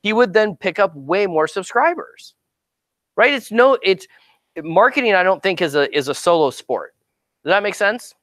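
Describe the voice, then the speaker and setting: A middle-aged man giving an informal marketing seminar in a lively, conversational way, often checking in with "right?". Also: high voice, moderate pace, no echo. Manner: conversational, animated, keeps asking "right?". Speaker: marketing speaker and actor coach.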